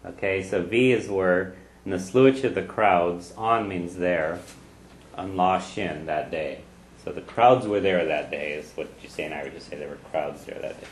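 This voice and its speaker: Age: adult. Sex: man. Role: language teacher. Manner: patient, step by step. Pitch: low. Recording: echoey room. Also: moderate pace. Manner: patient, breaks phrases down word by word. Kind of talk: teaching a group class.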